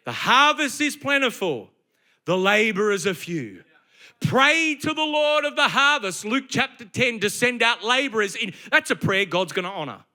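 Guy preaching, really high bright voice, chatty and emphatic. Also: expressive, moderate pace. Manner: emphatic, conversational preaching with acted asides. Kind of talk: sermon.

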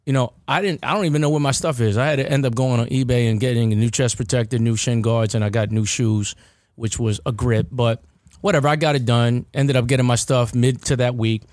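A man's voice: medium pitch, fairly even intonation, a little fast, a little mellow, no echo, studio quality. A man hosting a casual podcast chat, rambling with restarts and repeated words. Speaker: podcast host.

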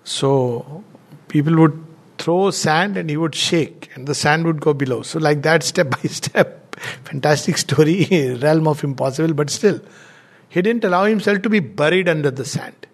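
Man, middle-aged, slightly high voice, gentle devotional storyteller who chuckles often. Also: normal speed. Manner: gentle, chuckles through anecdotes. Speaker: spiritual speaker.

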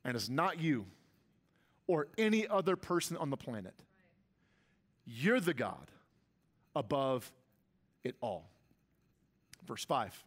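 A man's voice: medium pitch, big pitch swings, slow, pauses often. A man preaching a sermon as pastor, with emphatic delivery that rises and swells on key lines.

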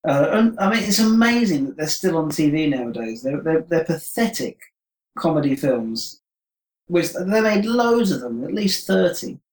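A man as a podcast guest in casual film discussion, speaking in a polite, measured, slightly tentative way. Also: a little high, sing-song, darkish tone. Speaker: podcast guest, former co-host. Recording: roomy echo.

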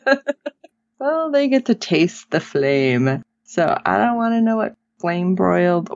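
A woman's voice: lowish voice, slow pace, vocal fry. A woman co-hosting a casual podcast, retelling a TV episode with laughter and acted-out quotes. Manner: animated retelling, acts out quotes, laughs often. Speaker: podcast co-host recapping a TV episode. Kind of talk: casual chat. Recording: dull lo-fi sound.

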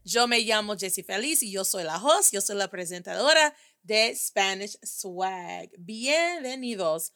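Woman host, upbeat language teacher; bright, forceful tone, street slang, easy code-switching. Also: medium pitch, moderate pace, smooth. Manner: energetic, slangy, switches between English and Spanish. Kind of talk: upbeat casual language lesson.

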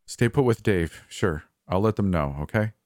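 A man voicing a shaken older brother who speaks haltingly and sternly over the phone. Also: fairly low pitch, animated, a little mellow, no room sound, studio quality, natural voice.

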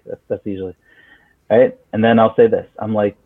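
A man's voice: fairly low pitch, little pitch movement, normal speed, long pauses, no echo. A therapist being interviewed, explaining his approach earnestly with many restarts and acted-out client exchanges. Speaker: therapist guest. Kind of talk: conversational explanation. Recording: husky voice over a tinny phone-like line, dry.

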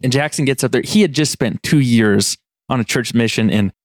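A man from Montana co-hosting a podcast, telling a story in a casual, laughing way and slipping into quick impressions. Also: mid-range voice, no echo, clean studio sound. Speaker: podcast co-host.

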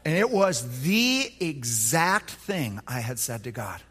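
A man preaching a sermon as a pastor, with many halting restarts, swinging between hushed near-whispers and passionate shouted peaks. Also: medium pitch, sing-song, slightly rough, long reverb tail.

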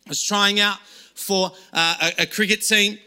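A man's voice: high-pitched, fairly even intonation, moderate pace, pushed and bright, clear, resonant tone. A young adult man preaching a sermon to a small room and an online audience, telling stories casually with frequent restarts. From Australia. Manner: conversational storytelling with frequent restarts. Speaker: pastor. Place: room with few people.

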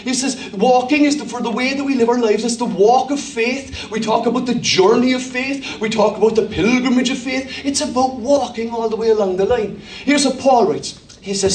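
High-voiced Cork Irish pastor preaching. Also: male voice, fairly quick, reverberant, distant mic. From Ireland. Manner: humorous storytelling, animated impressions. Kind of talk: sermon.

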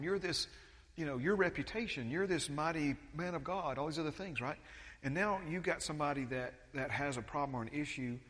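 A man's voice: a little high, fairly bright tone, big-room sound. A man preaching a conversational sermon as pastor, with many restarts and acted-out quotes.

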